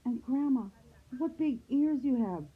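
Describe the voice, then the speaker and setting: A woman's voice: high voice, animated, unhurried, slightly rough, voice pushed up, exaggerated voice. A woman voicing a sweet, naive little girl in a red hood, speaking eagerly and politely. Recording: phone-like lo-fi sound.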